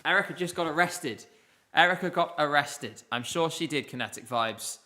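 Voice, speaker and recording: A man's voice: a little high, animated, moderate pace, bright, forceful tone. A man hosting a casual live stream, chatty and rambling, chatting with viewers from his desk. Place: home room at a desk with laptops.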